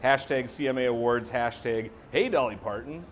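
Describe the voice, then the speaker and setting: A man's voice: medium pitch, normal speed, a little hiss or hum. A man co-hosting a casual podcast, eagerly asking questions and hyping up his partner. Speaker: co-host.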